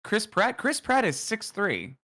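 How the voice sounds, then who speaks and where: A man co-hosting a casual podcast who cracks jokes in an animated way. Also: sits high, measured pace. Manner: wisecracking, animated. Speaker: co-host.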